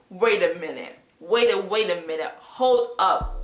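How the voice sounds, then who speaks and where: A woman's voice: mid-range voice, expressive, moderate pace, few pauses, fairly bright tone. A woman vlogger telling a story in a casual, dramatic way, swearing freely. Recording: echoey room, faint music.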